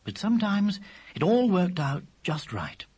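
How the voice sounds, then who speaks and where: Husky storybook narrator. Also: big pitch swings, darkish tone. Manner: measured, dropping low for dialogue tags. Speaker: audiobook narrator.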